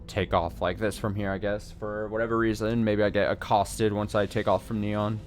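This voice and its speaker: A man's voice: lowish voice, little pitch movement, moderate pace, faint music behind. A man casually commenting while playing a game, thinking aloud with lots of fillers. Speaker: gaming streamer. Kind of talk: casual let's play commentary.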